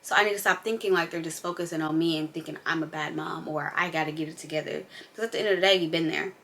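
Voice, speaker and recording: Young mom vlogger, a woman with a low but bright, forceful voice; candid, emphatic, unscripted talk. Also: steady tone, fast, vocal fry, a little hiss or hum. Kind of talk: casual unscripted chat.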